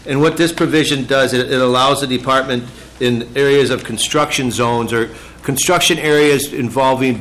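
A man from a state department explaining bill provisions to a committee in halting, explanatory testimony. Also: mid-range voice, a bit bright, slight background noise, low-quality recording. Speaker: state agency official testifying. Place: legislative hearing room.

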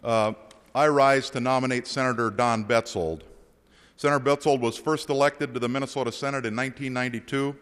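A state senator making a hesitant formal nomination from the chamber floor. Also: male voice, mid-range voice, steady tone, brisk, fairly bright tone, smooth, long reverb tail. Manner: hesitant, with uh fillers.

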